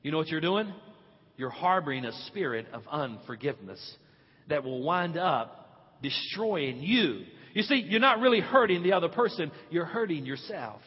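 A man preaching a sermon as pastor, swinging from quiet to loud and stretching key words. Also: fairly high pitch, big pitch swings, normal speed, husky. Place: church sanctuary. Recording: dull lo-fi audio with long hall reverb.

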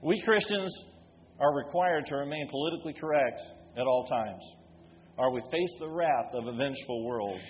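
This pastor's voice sits on the high side as he preaches from the pulpit, pressing his point with forceful rhetorical questions. The sanctuary gives a long hall reverb to a dull recording with a little hiss or hum.

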